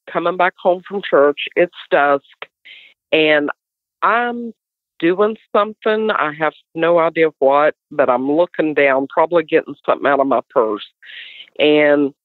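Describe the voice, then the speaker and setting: A middle-aged woman with a West Virginian accent, telling a story as an animated guest. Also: a bass voice, dry recording. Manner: animated storyteller, acts out others' voices. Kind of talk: casual storytelling. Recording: tinny dry phone line.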